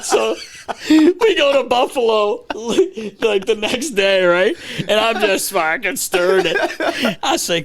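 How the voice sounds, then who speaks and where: A man hosting a podcast, telling stories casually, animated and laughing, swearing freely. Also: sits high, slow. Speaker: podcast host. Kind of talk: casual storytelling.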